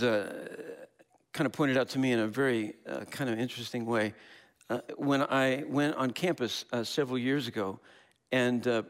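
A man, a Christian pastor, preaching a sermon. He tells a story and lifts his voice when he quotes others. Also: medium pitch. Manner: animated, slips into quoted voices.

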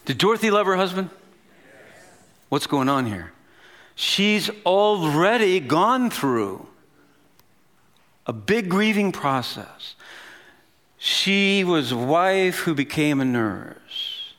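Preaching a sermon, a pastor in his fifties relates a story with animation and casual asides, keeping things conversational. He speaks in a mid-range voice.

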